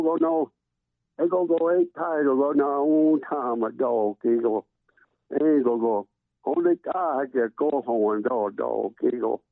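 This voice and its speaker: Older male elder leading a chanted prayer down a tinny phone line, rough voice. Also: no room sound. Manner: chanting prayer with sudden high swoops. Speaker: prayer giver. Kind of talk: spoken prayer. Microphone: phone call.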